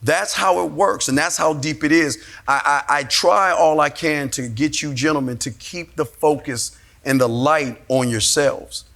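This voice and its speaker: A man's voice: a little high, unhurried, creaky, hardly any pauses, a bit bright. A man giving a blunt, profane motivational talk to a room of men and answering their questions. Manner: blunt, profane, emphatic and repetitive. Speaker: speaker at a men's seminar.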